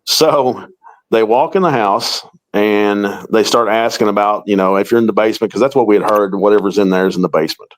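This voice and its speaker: In a poor-quality recording, a middle-aged man who investigates the paranormal recounts a lengthy tale during an interview, performing each quoted line. His voice is lowish and his delivery brisk.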